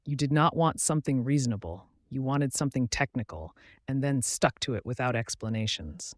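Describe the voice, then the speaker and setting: A man reading a novel aloud in the first person, with measured, clear narration. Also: mid-range voice, lively intonation, no echo, studio quality. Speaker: audiobook narrator.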